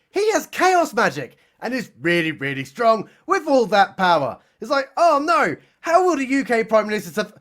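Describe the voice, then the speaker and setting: Man, high voice, very lively pitch, sarcastic, mocking comedy recap narration. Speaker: comedy reviewer.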